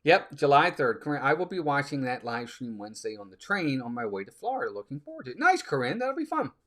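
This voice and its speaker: A man's voice: medium pitch, sing-song, fast, a bit bright. A man hosting a casual live stream, chatting with viewers and reading out their comments. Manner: chatty, reads out viewer comments, sneezing fits.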